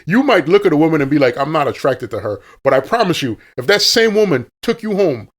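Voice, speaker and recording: A man's voice: on the high side, big pitch swings, fast. A man co-hosting a podcast in casual chat, insistent and emphatic, laughing often and using street slang. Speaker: podcast co-host.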